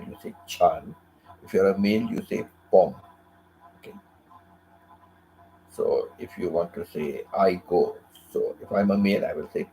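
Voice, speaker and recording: A man's voice: on the low side, vocal fry, mellow, a little hiss or hum, poor audio. A man hosting a casual talk who repeats his phrases and often checks in with "you know" and "correct?". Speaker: host.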